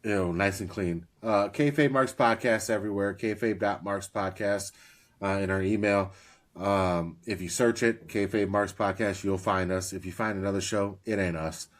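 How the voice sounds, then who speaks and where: A man's voice: lowish voice, moderate pace. A man in his thirties co-hosting a casual podcast, telling family stories with frequent laughs and free swearing. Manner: laughs often, swears freely, storytelling. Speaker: podcast co-host.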